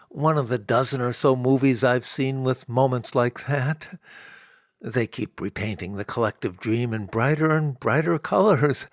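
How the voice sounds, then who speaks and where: An American man narrating his own story in the first person, wry and self-mocking, in a slow, unhurried telling. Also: medium pitch, no room sound, studio quality. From United States.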